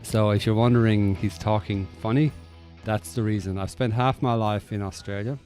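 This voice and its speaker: A man's voice: fairly low pitch, fairly even intonation, moderate pace, darkish tone, soft background music. A middle-aged Irish man with an Irish accent, telling his personal story as a guest speaker in a plain, conversational way with frequent fillers. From Ireland. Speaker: guest speaker at a recovery meeting.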